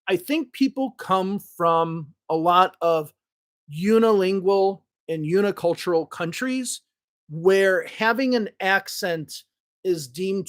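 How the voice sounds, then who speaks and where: A high-pitched man from Chicago, United States, with a Northwest suburban Chicago accent, hosts a podcast as an English teacher. His chat is casual, blunt and profane, rambling along with restarts.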